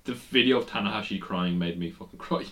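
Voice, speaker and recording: A man's voice: fairly low pitch, brisk, a bit bright. A man co-hosting a casual wrestling podcast, rambling with many ums and restarts and swearing now and then. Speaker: podcast co-host.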